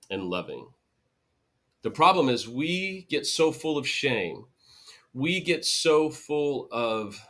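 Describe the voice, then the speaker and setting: Bright-voiced male podcast host. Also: medium pitch. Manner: animated, mocks bad apologies in sarcastic voices. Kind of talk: solo podcast talk.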